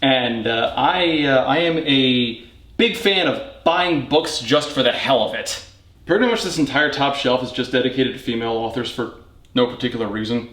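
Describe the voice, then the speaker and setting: A man's voice: mid-range voice, moderate pace, fairly bright tone. A man hosting a casual, rambling book tour from his home reading nook, with wry joking asides. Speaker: book channel host. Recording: echoey room.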